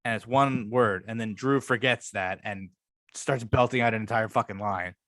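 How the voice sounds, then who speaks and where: Enthusiastic and profane, a man rambles through his love of a comedy show while co-hosting a casual podcast chat. His pitch is fairly low and his tone fairly bright, at a moderate pace, captured at studio quality without echo.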